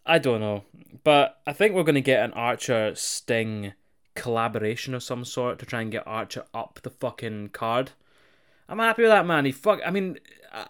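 Sweary, animated man. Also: medium pitch. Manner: sweary, animated, jokey, does mocking voices. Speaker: wrestling podcast co-host. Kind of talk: casual chat.

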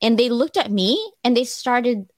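A middle-aged woman speaking at an online audio event, telling candid personal stories with animation, quick to laugh and close to tears. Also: fairly high pitch, no room sound. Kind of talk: emotional personal storytelling.

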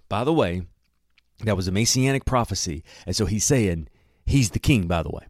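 A man's voice: fairly low pitch, lively intonation, moderate pace, no echo, studio quality. A man reading scripture aloud and commenting on it in an enthusiastic, conversational way. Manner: enthusiastic, conversational, laughs often. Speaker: Bible teacher.

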